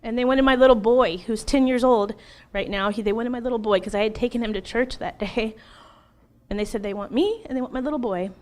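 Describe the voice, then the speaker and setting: Her voice is a little high and her pace a little fast as she, a woman in her thirties, offers an earnest and lively personal testimony as an interview guest. Now and then she laughs between lines.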